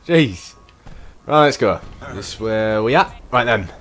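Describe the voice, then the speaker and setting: A man's voice: on the low side, lively intonation, takes it slowly, fairly bright tone. A man commentating his own gameplay, exclaiming and muttering to himself in bursts. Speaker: gameplay streamer.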